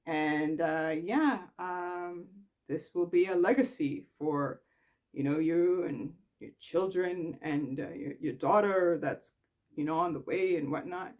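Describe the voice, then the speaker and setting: Brief: woman narrator voicing a defiant grown son in a soap recap, flippant, slow-paced. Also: on the low side, a little mellow, pitched below the performer's own voice. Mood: placating. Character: man, a soap son demanding full control.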